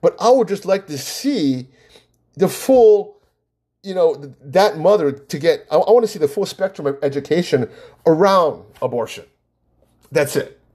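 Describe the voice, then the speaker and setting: A man talking casually to the camera, animated as he acts out both sides of an argument. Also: on the high side, normal speed, slightly rough. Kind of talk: casual monologue.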